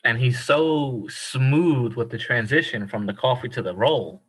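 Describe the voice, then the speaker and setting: Bright, husky man from Ireland. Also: mid-range voice, unhurried, rough recording. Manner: laughing, emphatic, casual slang. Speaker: podcast co-host. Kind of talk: casual chat.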